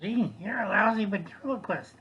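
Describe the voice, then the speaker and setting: A man doing a cheeky high puppet sidekick. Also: moderate pace, highs cut off, natural voice. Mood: teasing.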